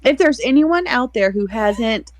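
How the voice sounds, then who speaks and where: A woman's voice: fairly high pitch, lively intonation, unhurried, darkish tone, dry recording. Chatty woman podcaster, dry close sound. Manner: chatty, rambling, laughs often. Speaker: podcast co-host. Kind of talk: casual chat.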